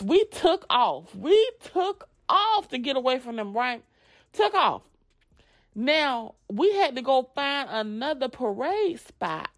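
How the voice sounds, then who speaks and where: Woman telling a storytime, gravelly, curses a lot, super expressive pitch. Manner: animated, profane, dramatic whispers. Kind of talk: casual storytime.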